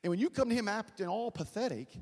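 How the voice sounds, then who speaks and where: A male pastor preaching a sermon in a large church hall, fervent and dramatic, swinging from loud to hushed, with folksy asides to the congregation. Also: high-pitched, animated, quick pace. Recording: long church reverb.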